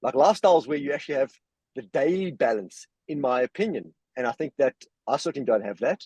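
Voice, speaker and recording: A man's voice: medium pitch, expressive, quick pace, darkish tone, slightly rough, dry recording, rough recording. A man in a casual podcast discussion, telling anecdotes and making his points with emphasis. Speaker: regular guest.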